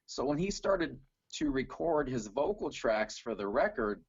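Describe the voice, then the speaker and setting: Husky-voiced man telling stories casually. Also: medium pitch, unhurried, no echo, highs cut off. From Canada. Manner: relaxed storytelling with fillers. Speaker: guest, tribute singer. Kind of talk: casual video call interview.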